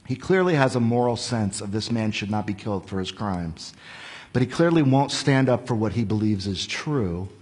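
A male preacher giving an expository sermon in a conversational, animated storytelling manner with rhetorical questions. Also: mid-range voice, breathy edge, big-room sound.

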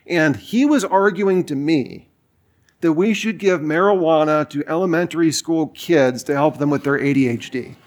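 A man's voice: on the high side, normal speed, a little mellow. A man in his forties preaching a sermon, telling a personal story in a casual way with lots of fillers. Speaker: pastor.

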